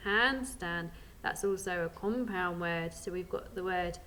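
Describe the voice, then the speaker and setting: A young woman teaching a phonics lesson to small children, sounding out each letter slowly and encouraging them with praise. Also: fairly low pitch, sharp tone, slight background noise. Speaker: primary school teacher.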